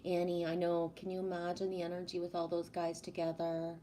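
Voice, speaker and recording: A woman's voice: lowish voice, completely flat delivery, fairly quick, few pauses, mellow. A woman hosting a casual livestream, projecting her voice and affectionately calling viewers sweetie as she reads their comments. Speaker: livestream host reading chat. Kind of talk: casual live-stream chat with viewers.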